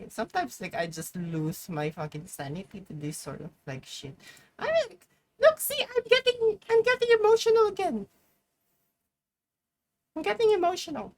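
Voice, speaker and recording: Woman streamer reacting live, lowish voice, swears a lot and keeps blowing up loud, bit of hiss behind. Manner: blunt and profane, with sudden loud outbursts and chanting. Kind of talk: casual reaction commentary.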